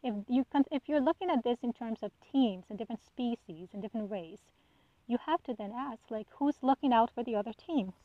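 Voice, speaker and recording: A woman's voice: on the high side, expressive, a little fast, dry recording, phone-quality sound. A woman hosting a solo podcast, talking bluntly and with exasperation, swearing freely and firing off rhetorical questions. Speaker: podcast host. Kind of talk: casual solo monologue.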